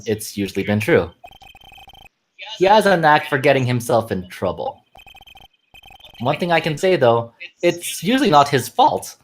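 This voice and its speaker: A woman's voice: a bass voice, slight background noise. A woman voicing an earnest young male rookie defense attorney who tells his story plainly.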